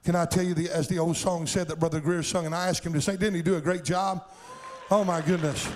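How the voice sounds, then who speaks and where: A middle-aged male pastor preaching a sermon, calling out to the congregation and building up to shouts at his high points. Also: steady tone, quick pace, slight background noise, low-quality recording. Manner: preaching with call-and-response cries, rising to shouts.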